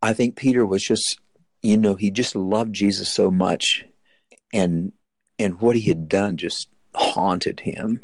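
Taking his time, a man with a low, gravelly voice retells a scripture story in a sermon with fairly even intonation. He's earnest, yet his pitch jumps high whenever the story turns dramatic, and the sound is close and dry without room echo.

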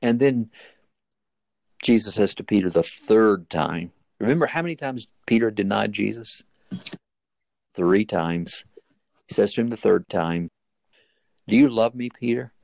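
This is sermon-style Bible storytelling from a man whose voice is low, gravelly and a little mellow. He is earnest, expressive and unhurried, leaving long pauses, and his pitch leaps high whenever the tale turns dramatic. The sound is close and dry, without room echo.

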